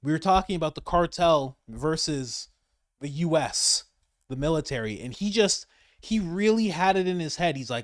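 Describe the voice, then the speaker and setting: A man giving casual political commentary, animated, laughing often and repeating his points for emphasis. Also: on the high side, moderate pace, dry recording, studio quality.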